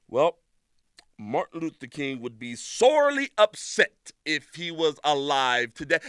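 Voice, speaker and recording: A man's voice: fairly high pitch, takes it slowly, long pauses, clear, resonant tone, dry recording, studio quality. A man hosting a podcast segment, reading out viewer memes and reacting with mock-angry outbursts. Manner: animated, mock-angry outbursts, shouting at times.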